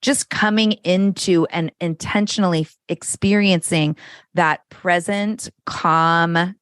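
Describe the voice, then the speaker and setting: A woman's voice: fairly low pitch, steady tone, slow, fairly bright tone, clean tone, dry recording, clean studio sound. A middle-aged woman, a parenting coach, talking candidly and frankly as a podcast guest, swearing freely. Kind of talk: casual conversation.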